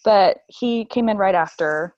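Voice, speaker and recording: A woman in her thirties telling the story of giving birth in a casual chat, animated and emotional, laughing often and near tears. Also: unhurried, lo-fi sound. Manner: animated, laughs often, acts out quotes in a high voice.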